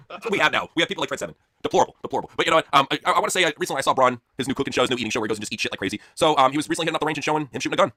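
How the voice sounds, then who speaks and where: A man's voice: on the high side, expressive, racing, pushed and bright. A man co-hosting a casual, crude, joking wrestling chat show. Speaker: podcast co-host.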